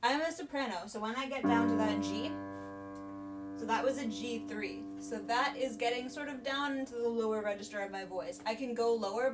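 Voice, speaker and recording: Young female vocal coach, casual explainer, recorded off-mic with faint piano underneath. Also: mid-range voice. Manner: chatty, explanatory. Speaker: singing teacher. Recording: voice from a distance, piano behind.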